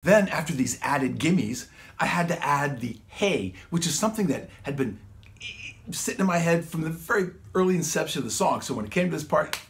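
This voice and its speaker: A man's voice: fairly high pitch, animated, a little fast, a little hiss or hum. A man, a songwriter and guitarist, walks through how he recorded his vocals in a casual, rambling way, dropping slang like "man" and "dude". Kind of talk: casual home-studio walkthrough.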